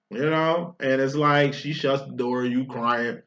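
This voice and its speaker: A man gives a casual tarot reading, blunt and profane, mocking his listener and acting out quoted lines in a raised voice. His voice is mid-range and a bit bright at a moderate pace, in a dull lo-fi recording.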